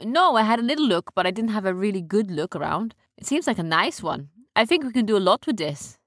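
A woman's voice: mid-range voice, very animated, a little fast, a bit bright, no room sound, clean studio sound, pitched above the performer's own voice. A woman voicing boastful male boat-thief pirates who chat and gloat. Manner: chatty, gloating.

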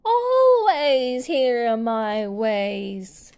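Hot-tempered storybook queen voiced by a woman narrator; imperious, high, barking orders. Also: expressive, slow pace, exaggerated voice. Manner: shouting, imperious. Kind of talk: storybook reading.

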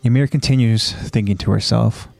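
A man retelling an episode in a casual, excited recap. He speaks at a middle pitch with loose fillers and keeps getting ahead of himself. The recording is dry and close. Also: vocal fry, no room sound, faint music behind. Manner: animated, quick to jump ahead, loose fillers. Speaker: co-host recapping an anime.

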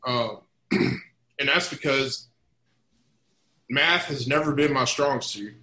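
A man's voice: mid-range voice, slow pace. A man in his thirties, co-hosting a casual podcast chat and telling stories with acted-out quotes. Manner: animated storyteller, acts out quotes. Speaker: podcast co-host. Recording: roomy echo.

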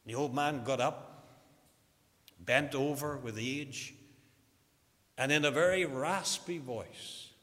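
A man preaching a sermon, slow and emphatic, stressing key words. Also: medium pitch, a bit bright. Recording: long hall reverb.

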